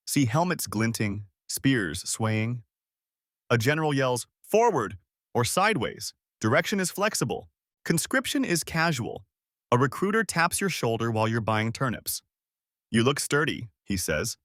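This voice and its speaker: A man giving deadpan scripted narration in short, clipped sentences. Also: mid-range voice, normal speed, no room sound, clean studio sound.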